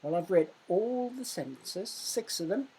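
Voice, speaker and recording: A woman teaching a recorded primary school lesson. She speaks clearly and raises her voice to show exclamations. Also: medium pitch, animated. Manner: slow, clear teaching voice that loudly acts out exclamations.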